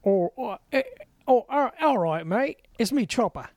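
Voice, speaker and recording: A man putting on a gruff Australian hard man. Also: extremely high pitch, expressive, unhurried, a little mellow, no echo, studio quality. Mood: tough bravado. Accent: Australian, put on.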